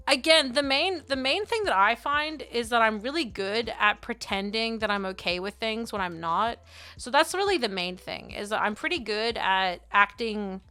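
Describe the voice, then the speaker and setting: A young adult woman streaming and chatting casually with her viewers, rambling and giggly, sometimes breaking into loud playful yelling. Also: mid-range voice, clean tone. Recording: faint music behind.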